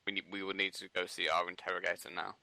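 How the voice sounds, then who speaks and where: A man playing a tabletop game, speaking in a hesitant, halting way. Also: sits low, level tone, gravelly, pushed and bright, dry recording, poor audio. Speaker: player. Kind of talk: casual tabletop game play.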